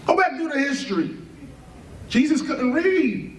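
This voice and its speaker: A man's voice: very high voice, unhurried, far from the mic. A man giving an impassioned spoken lecture on a live stream, firing rhetorical questions, spelling words out letter by letter and often laughing as he talks. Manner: animated, often breaks into laughter mid-sentence. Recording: echoey room, voice set back from the mic.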